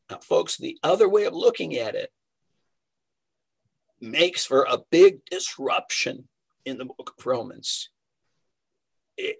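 Husky man preaching a Bible sermon. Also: high-pitched, a bit bright, poor audio. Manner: earnest teaching, rhetorical questions, varied emphasis. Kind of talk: sermon, verse-by-verse Bible teaching.

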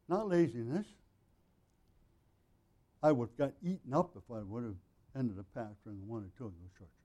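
A male pastor giving an earnest, conversational sermon, often clearing his throat. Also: mid-range voice, measured pace, long pauses, dark tone. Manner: frequent throat clearing, earnest and plain-spoken.

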